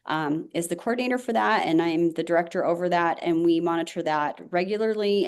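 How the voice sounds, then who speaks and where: A woman, a school safety director, briskly reporting to a board with many fillers. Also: fairly low pitch, a little mellow. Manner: rapid, auctioneer-like delivery with many fillers.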